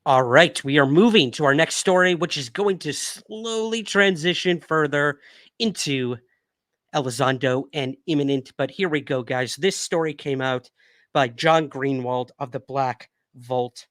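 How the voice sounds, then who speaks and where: A man's voice: fairly high pitch, normal speed, a bit bright, no room sound. Chatty male livestream host, dry sound. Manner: chatty, addresses viewers as guys, reads articles aloud. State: hiccuping after drinking whiskey. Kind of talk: casual news rundown livestream.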